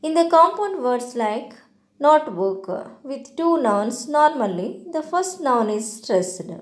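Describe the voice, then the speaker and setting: Woman teacher, raised pitch, unhurried slide lesson, hesitant delivery. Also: very animated. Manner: slow, deliberate explaining with hesitant fillers. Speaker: English teacher. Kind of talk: slide-based grammar lesson.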